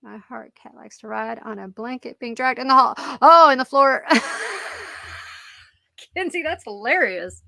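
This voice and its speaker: A woman's voice: a little high, lively intonation, measured pace, gravelly, pauses often, sharp tone, dry recording, clean studio sound. A middle-aged woman hosting a casual live-stream chat, rambling and joking about her pets and laughing often as she reads comments. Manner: rambling and jokey, laughs a lot.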